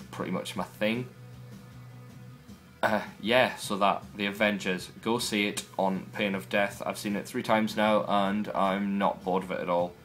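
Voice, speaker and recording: A man with a very low voice chats to camera in a casual vlog. He talks in a wry, self-deprecating way, with faint music playing behind him. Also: a bit bright. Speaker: vlogger.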